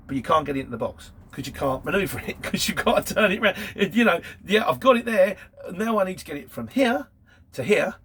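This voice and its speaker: A man's voice: a little high, fairly bright tone, slight background noise. A man, chatting casually in a Q&A about work as a courier driver and telling anecdotes. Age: 50s. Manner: chatty storytelling, laughs between anecdotes. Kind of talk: casual Q&A monologue.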